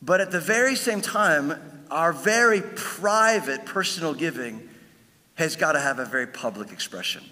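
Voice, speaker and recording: A man preaching a sermon as pastor, building to emphatic peaks and dropping low for asides. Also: expressive, moderate pace, long reverb tail. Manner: emphatic preaching, swells louder on key lines, drops low for asides.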